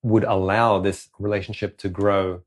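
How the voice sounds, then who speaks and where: Male podcast co-host, lowish voice, loose and frank, swears casually. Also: flat delivery, normal speed. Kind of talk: casual conversation.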